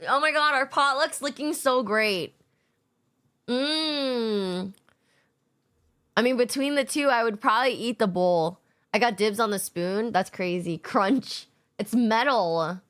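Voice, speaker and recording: A woman's voice: a little high, slow, pauses often, fairly bright tone. A young adult woman streamer chatting casually with her chat, laid-back, swearing often and laughing a lot. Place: home streaming setup.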